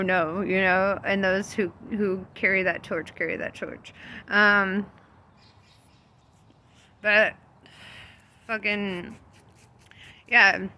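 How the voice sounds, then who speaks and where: A woman's voice: mid-range voice, sharp tone. A young woman vlogging about faith in a casual, loose storytelling monologue, laughing often and swearing freely. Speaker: spiritual vlogger.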